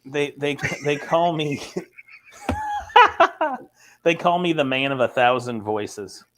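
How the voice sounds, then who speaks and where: Lively, jokey man. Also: a little high, slow pace. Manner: jokey, playful. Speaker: panelist. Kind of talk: casual live panel chat.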